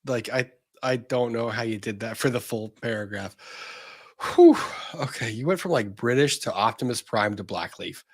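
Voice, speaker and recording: A man's voice: medium pitch, lively intonation, moderate pace, slightly rough. A male host reading a legal filing aloud, breaking off for sarcastic asides. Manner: sarcastic asides between read passages.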